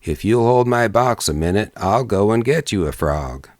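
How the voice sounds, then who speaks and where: A man's voice: on the low side, expressive, normal speed, dry recording, studio quality, natural voice. A man voicing an easygoing, shrewd frontier gambler in an audiobook, speaking in a careless folksy drawl. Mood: easy drawl. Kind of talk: audiobook character voice.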